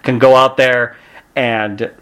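A man who is a podcast guest and pro wrestler, telling stories in an animated way and acting out the people he quotes. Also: mid-range voice, takes it slowly, smooth. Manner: acts out quotes with loud shouts and shifts. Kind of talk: animated storytelling.

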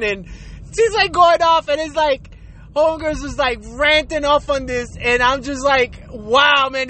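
A man's voice: very high-pitched, pushed and bright. A young man ranting casually and bluntly, swearing and laughing often as he talks. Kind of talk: casual rant.

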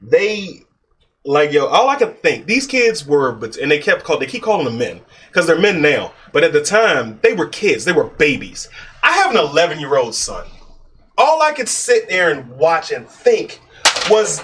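Male podcast co-host in his 30s, rambling and heartfelt, high-ish lively delivery. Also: moderate pace, far from the mic. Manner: emotional, rambling, laughs often. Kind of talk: casual podcast chat.

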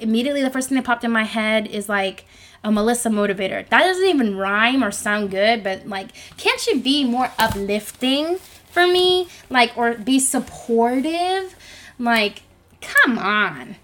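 A young woman in her twenties whose high, girlish voice sits a little above most women's. She rambles in a self-conscious, chatty way, full of fillers, as she records a solo podcast alone in her bedroom. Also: a bit bright. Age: 20s. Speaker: podcast host. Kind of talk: solo podcast monologue, casual chat. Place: home bedroom. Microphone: microphone.

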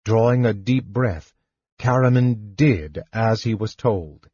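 An audiobook narrator reads a fantasy novel aloud in slow, measured scripted narration. His voice is on the low side, dark and a bit breathy, captured in a dry, dull lo-fi recording.

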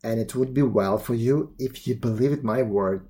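A man voicing a stern old dervish in a read-aloud storybook, speaking low and solemnly. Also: normal speed, dark tone, lightly acted.

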